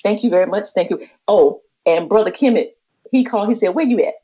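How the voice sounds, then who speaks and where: Podcast co-host, woman; lively storyteller who acts out every quote; dull lo-fi sound. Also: medium pitch, fairly quick. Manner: expressive, acts out quoted voices, laughs often. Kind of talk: animated storytelling chat. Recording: muffled lo-fi podcast audio.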